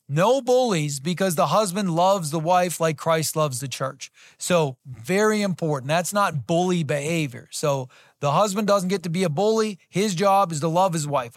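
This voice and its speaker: A man's voice: high voice, no room sound, clean studio sound. A man giving a conversational Bible teaching, reading scripture aloud and repeating key points for emphasis. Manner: plain-spoken, repeats key phrases for emphasis.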